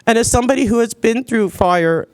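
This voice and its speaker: A woman from Los Angeles giving a public comment at a city commission meeting, choked up and tearful, pleading earnestly with halting restarts. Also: on the high side, clear, resonant tone, no echo.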